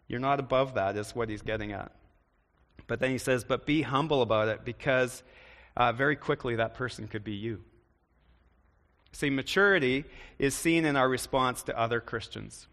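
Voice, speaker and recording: A man's voice: medium pitch, a bit bright. Man preaching in a reverberant hall. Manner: conversational, asks the congregation questions. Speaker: pastor. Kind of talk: sermon.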